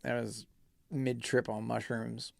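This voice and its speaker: Male podcast guest, musician, gravelly voice with vocal fry, laid-back and reflective. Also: mid-range voice, little pitch movement, slow, no room sound, studio quality. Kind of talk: casual in-studio conversation. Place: studio.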